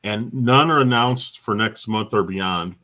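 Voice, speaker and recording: A man's voice: fairly low pitch, a little slow, pushed and bright. A man co-hosting a casual gaming chat show, telling stories and laughing often.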